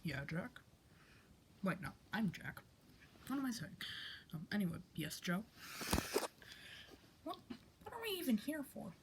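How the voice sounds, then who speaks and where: A woman's voice: medium pitch, wildly swooping pitch, a little slow, pauses often, background noise. A woman doing a playful skit, voicing several stuffed animals and switching between their voices, often dropping to a whisper. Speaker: toy puppeteer.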